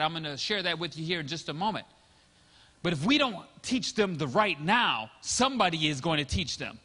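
High, bright-voiced pastor preaching. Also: male voice, big-room sound. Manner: conversational storytelling, acting out quoted dialogue. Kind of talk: sermon.

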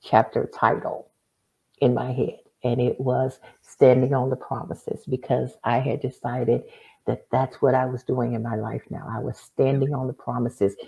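Low gravelly woman guest, lo-fi. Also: flat delivery, measured pace, dark tone. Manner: earnest, faith-filled, acts out quoted dialogue. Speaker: guest, author. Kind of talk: storytelling interview answer.

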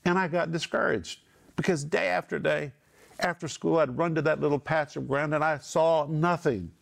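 A middle-aged man teaching from the Bible on a talk program, emphatic and repeating key phrases with slow stress. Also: on the high side, vocal fry.

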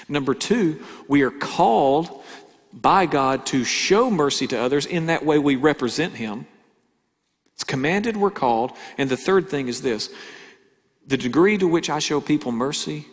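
A male pastor preaching a sermon, asking rhetorical questions and swinging between loud emphasis and quiet asides. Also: mid-range voice. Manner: conversational preaching with rhetorical questions and dramatic shifts in volume. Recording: hall reverb.

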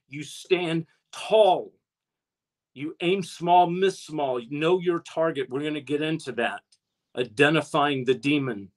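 A man preaching an impassioned online sermon, with his voice rising as he exhorts his listeners. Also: on the high side. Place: streamed online, talking to a chat audience.

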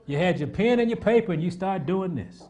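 Fairly high-voiced man preaching a sermon. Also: brisk. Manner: animated, repetitive preaching with asides to the congregation.

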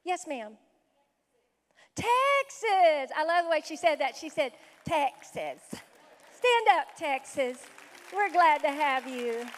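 A woman's voice: high voice, normal speed, a faint crowd. A woman pastor welcoming visitors from the pulpit, exuberant and full of praise exclamations. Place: church sanctuary. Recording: reverberant hall with a faint congregation.

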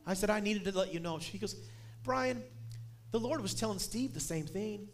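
A middle-aged man preaching a sermon as a guest speaker, telling a story and building up to shouted emphasis. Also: high-pitched, fairly quick.

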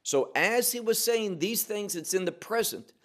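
A man teaching through scripture verse by verse, slow and deliberate, leaning on single words for emphasis. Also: sits high, lively intonation. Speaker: Bible teacher.

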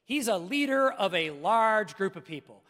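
A man's voice: sits high, lively intonation, moderate pace, a bit bright, big-room sound. A middle-aged male pastor preaching a sermon with emphasis, speaking straight to his congregation. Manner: emphatic preaching, addresses listeners directly.

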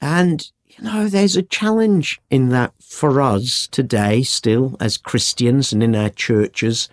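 A man's voice: medium pitch, slow. A man teaching a Bible story in a conversational podcast, acting out the quotes as he tells it. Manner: animated storytelling with acted-out quotes.

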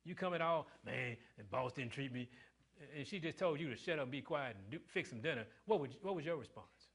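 A middle-aged male pastor preaching a sermon in call-and-response style, quizzing the congregation and swinging between loud emphasis and hushed lines. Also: fairly high pitch, expressive, quick pace, slightly rough.

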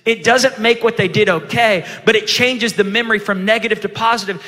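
A man's voice: high-pitched, fairly even intonation, fairly quick, few pauses. Man preaching in a reverberant hall. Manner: swings from hushed storytelling to loud preaching. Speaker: pastor. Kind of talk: sermon. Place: large church hall.

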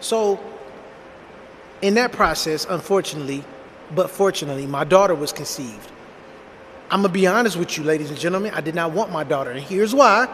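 A man in his thirties telling a personal story in a blunt, animated, slangy way, speaking straight to his viewers. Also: a little high, brisk, pauses often, long reverb tail, a little hiss or hum. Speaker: storytime vlogger. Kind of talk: casual storytelling monologue.

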